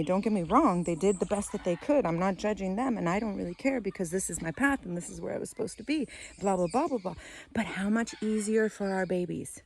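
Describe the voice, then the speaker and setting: A woman's voice: medium pitch, darkish tone, slight background noise. A woman vlogging outdoors in a garden, chatting casually, laughing often and losing her train of thought. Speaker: vlogger and mother. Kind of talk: casual rambling vlog.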